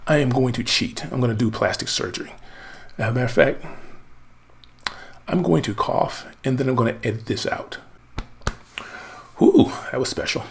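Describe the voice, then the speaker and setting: An American man with a chatty, excitable manner, thinking aloud as he walks through a screen-share marketing tutorial. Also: mid-range voice, normal speed, creaky, pauses often. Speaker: marketing coach.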